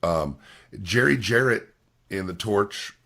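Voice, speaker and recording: A man's voice: lowish voice, expressive, slow pace, creaky, a bit bright. A man co-hosting a podcast who pushes back in a casual debate, hesitating and restarting before he makes his point. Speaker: podcast co-host.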